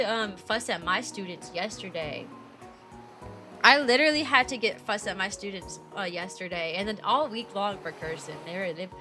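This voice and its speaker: A woman's voice: on the low side, sharp tone. A young woman, chatting casually on a stream in a bubbly, rambling, playful way.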